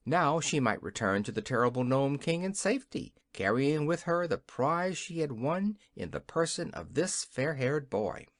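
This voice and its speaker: An audiobook narrator reading a children's fantasy story in an expressive, scripted style. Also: mid-range voice, normal speed, hardly any pauses, no room sound, studio quality.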